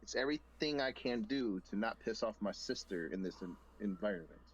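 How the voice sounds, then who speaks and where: A man's voice: on the low side, lively intonation, brisk, a little hiss or hum, close to an everyday voice. A man playing a stern male adventurer who firmly lectures another character. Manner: firm, lecturing.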